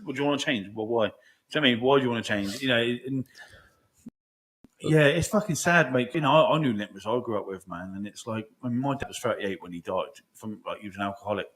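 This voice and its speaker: A young man talks quickly in a loose, rambling podcast chat. He swears freely and keeps checking in with "do you know what I mean". His voice sits at a middling pitch. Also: a bit bright. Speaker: podcast host. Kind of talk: casual chat.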